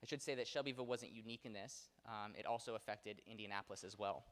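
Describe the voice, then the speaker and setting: Fast and fairly bright, with a fairly low pitch, this man's voice fills a theater auditorium with long hall reverb. His local history lecture is casual, peppered with fillers and self-corrections.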